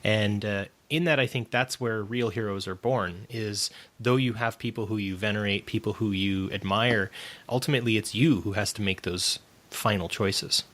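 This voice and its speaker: A man with a slightly low voice hosts a podcast in a casual, chatty way. He leans heavily on ums and uhs, feeling his way through each thought. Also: moderate pace, a bit bright. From Canada. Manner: hesitant, heavy on fillers. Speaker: podcast host.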